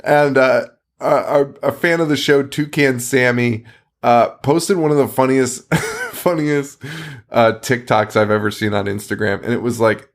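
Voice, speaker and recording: A man hosting a podcast, casually retelling a film's plot while laughing often, swearing and restarting his sentences. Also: medium pitch. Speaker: podcast host. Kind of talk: casual movie recap.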